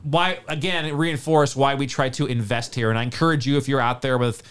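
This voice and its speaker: A man co-hosting a sports betting podcast, talking casually and getting hyped up as he pitches his pick. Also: fairly quick, clear, resonant tone. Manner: excitable, hyped-up pitch delivery.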